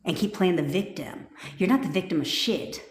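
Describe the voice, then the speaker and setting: A woman's voice: fairly low pitch, lively intonation, moderate pace. A woman manifestation coach giving a blunt, profanity-laced pep talk on a live stream. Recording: echoey room.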